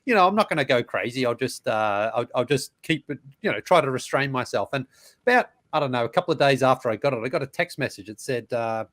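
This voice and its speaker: A man's voice: medium pitch, lively intonation, fast talker, a bit bright. A man co-hosting a podcast, telling stories in a rambling, casual way. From London. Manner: rambling storyteller with fillers and laughs. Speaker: podcast co-host. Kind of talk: casual chat.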